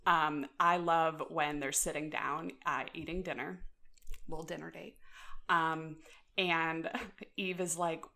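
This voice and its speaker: Brief: young woman podcast co-host, lower voice, lively chat full of "like" and laughs. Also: slow, vocal fry. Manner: animated, laughs often, many fillers. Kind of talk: casual chat.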